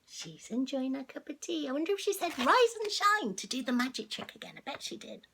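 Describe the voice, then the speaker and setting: An older woman who reads a story aloud to children, with animated asides, gasps and whispered remarks to her listeners. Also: high voice, fast, vocal fry, a little hiss or hum. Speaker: storyteller grandmother.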